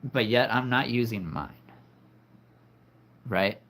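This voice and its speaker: A man's voice: medium pitch, slow, fairly bright tone. A man hosting a live stream, talking to his viewers in an earnest, heartfelt, reflective way. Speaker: livestream host.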